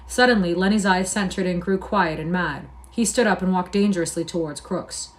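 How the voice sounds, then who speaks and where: A woman reading a classic novel aloud on a live stream in an even, measured narrating voice. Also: on the low side.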